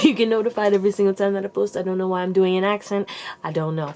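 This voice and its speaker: A woman with a medium, steady, darkish voice talks quickly as she gives her viewers a casual pick-a-card tarot reading. As the channel's host and reader, she rambles loosely, peppering her speech with likes and restarts and calling her audience baby and you guys.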